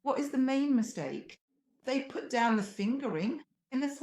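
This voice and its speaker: Faint piano playing sits behind this explanatory music lesson from a Russian woman whose voice is on the high side and expressive, at normal speed. She teaches piano technique patiently and illustratively, singing phrases as she goes.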